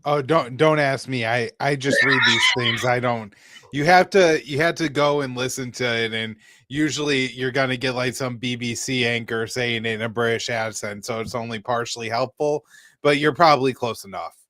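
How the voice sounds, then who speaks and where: A man's voice: medium pitch, steady tone, normal speed, bright, forceful tone, dry recording, clean studio sound. A man who is a guest on a podcast, answering in an offhand, self-deprecating way. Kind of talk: casual podcast discussion.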